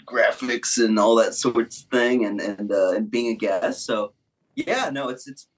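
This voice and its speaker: A man's voice: medium pitch, expressive, unhurried. A man appearing as a guest on a comedy podcast in casual chat. He rambles, hesitates and jokes at his own expense. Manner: rambling, hesitant, self-deprecating.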